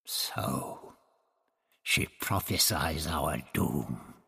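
A man reading an audiobook, voicing a scheming high priest in a low, sneering, hushed voice. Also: sing-song, unhurried, creaky, husky, long reverb tail, full character voice. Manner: sneering, commanding.

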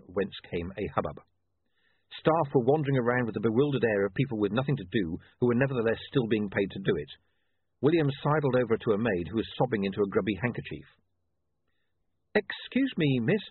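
A man narrating a story in a dry, measured storytelling manner. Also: fairly low pitch, animated, husky, no room sound. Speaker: audiobook narrator. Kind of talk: scripted narration. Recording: tinny dry phone-like line.

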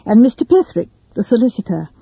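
A woman narrating a classic story in a measured, deliberate reading. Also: a little high, sing-song, creaky, dark tone, slightly rough, no room sound, poor audio.

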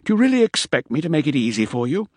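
A man voicing a sly, smooth-talking male army captain in an audiobook, beguiling and polite but evasive. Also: on the high side, sing-song, fast talker, a little mellow, no echo, clean studio sound, pitched above the performer's own voice. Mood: coolly defiant. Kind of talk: audiobook character voice.

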